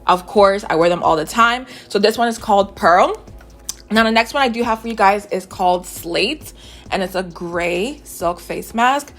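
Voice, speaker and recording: A young woman hosting her beauty channel, chatting excitedly and a little out of breath as she shows new products. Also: medium pitch, normal speed. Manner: excited, chatty, addresses viewers directly. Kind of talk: casual product vlog.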